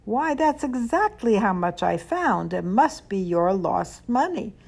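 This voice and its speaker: A woman's voice: mid-range voice, sing-song, unhurried, vocal fry, a little mellow, slightly rough, full character voice. A woman voicing a kind, humble, poor male rabbi in a storybook reading, earnest and eager to help.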